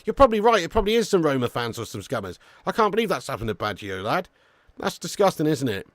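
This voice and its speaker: A young man hosts a live football watch-along in a chatty, rambling way, swearing and reading out viewers' messages. His voice sits a little high for a man. The sound is dry and close, with no room around it. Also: quick pace, no echo. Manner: chatty, swears, reads chat aloud, bursts into excited shouting on chances. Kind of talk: casual live-stream chat and commentary.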